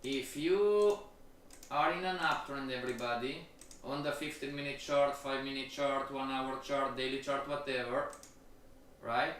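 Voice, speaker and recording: Male trading instructor, live-stream lecture; slow, repetitive, keeps checking in with listeners, far off in a very echoey room. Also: mid-range voice, a bit bright, a little hiss or hum.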